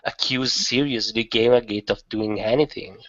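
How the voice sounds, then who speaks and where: A man in casual chat, measured and skeptical, over a muffled lo-fi voice chat. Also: on the low side, fairly bright tone.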